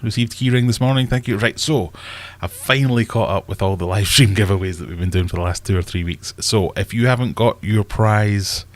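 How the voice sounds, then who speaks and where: A man's voice: fairly low pitch, normal speed, few pauses. A Scottish man hosting a casual fish-keeping live stream, rambling and joking at himself as he thinks aloud. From Scotland. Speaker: aquarium channel host.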